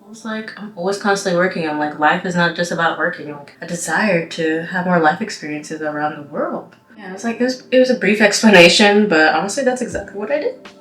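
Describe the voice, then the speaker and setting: A woman's voice: on the low side, quick pace, a bit bright. Rambling young woman, roomy sound. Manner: rambling, heavy use of "like" and "you know". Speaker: vlogger. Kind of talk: casual storytime while doing makeup. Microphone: camera mic. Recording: roomy echo with background music.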